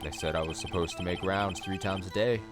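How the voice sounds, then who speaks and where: A man's voice: low-pitched, fairly even intonation, brisk, music in the background, close to an everyday voice. A man voicing a laid-back cowboy detective with a Texan accent and a folksy, rambling drawl. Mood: lazy drawl. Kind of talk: let's play voice acting.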